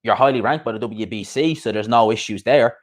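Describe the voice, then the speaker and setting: A man with a fairly low voice hosts a casual live stream about boxing. He rants bluntly, swears freely and keeps asking rhetorical questions. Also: a little fast. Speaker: boxing podcast host.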